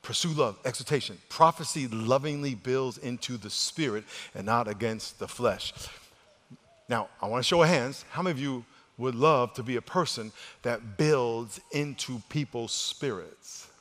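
A male pastor with a mid-range voice preaches to his congregation in a church sanctuary at a moderate pace, the large hall giving a long reverb. He leads call-and-response, repeats words when he restarts, and swings between loud exhortation and hushed, quiet delivery.

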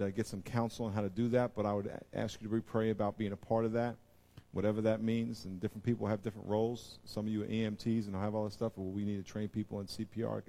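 A man preaching a sermon to his church as pastor, animated, dropping to quiet asides and rising to loud excited bursts. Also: fairly low pitch.

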